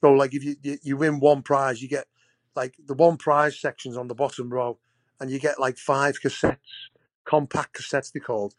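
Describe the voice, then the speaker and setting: A man spins loose, rambling anecdotes as a podcast guest. He restarts his sentences often and talks at an ordinary middle pitch. His voice sits close to the mic in a dry space with no room echo. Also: level tone, normal speed. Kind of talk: casual storytelling.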